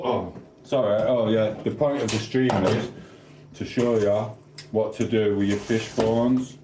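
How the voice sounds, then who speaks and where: A man with a South Yorkshire accent rambles cheekily through viewers' comments on a live stream. His voice sits somewhat low. The room rings with echo, and a faint hiss runs underneath. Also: unhurried, long pauses. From South Yorkshire, England. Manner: rambling, cheeky, banters with chat. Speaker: livestreamer. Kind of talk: casual live-stream chat reading comments. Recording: echoey room.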